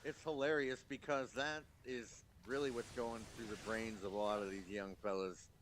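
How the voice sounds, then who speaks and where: A man's voice: lowish voice, fairly even intonation, moderate pace, a bit bright, a little hiss or hum, rough recording. A man chatting casually over a game, rambling with lots of fillers and frequent laughs. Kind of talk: casual chat while gaming.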